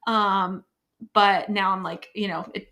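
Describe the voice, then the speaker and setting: Woman talking casually on a podcast, keeps saying like, cuts herself off and restarts, mid-pitched voice. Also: steady tone, slow, sharp tone. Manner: frequent "like" fillers, trailing restarts; acts out quoted dialogue in a higher voice. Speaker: bereaved mother sharing her story. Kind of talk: casual conversational storytelling.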